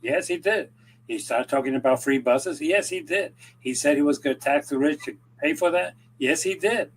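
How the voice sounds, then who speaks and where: A husky man talks politics in a loose, rambling way. He acts out the conversations he quotes and keeps jumping his voice up and down. His tone stays chatty and unscripted. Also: on the high side, normal speed, low-quality recording. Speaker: regular commentator. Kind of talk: casual political chat.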